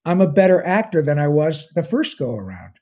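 A voice actor in his sixties, speaking as an interview guest, rambles enthusiastically with lots of fillers. His warm voice runs a little high, swings widely in pitch, and moves briskly.

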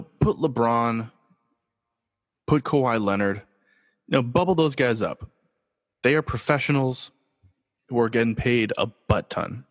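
A man's voice: on the low side, in a large hall. A man from Los Angeles hosting his own sports talk show, casual and joking, asking himself rhetorical questions. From Los Angeles, USA. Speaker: podcast host.

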